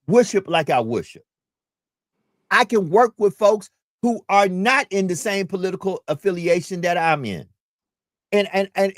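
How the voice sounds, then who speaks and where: A man's voice: sits high, no room sound, clean studio sound. A man hosting a community talk radio show, speaking in an emphatic, preacherly way and repeating his key points.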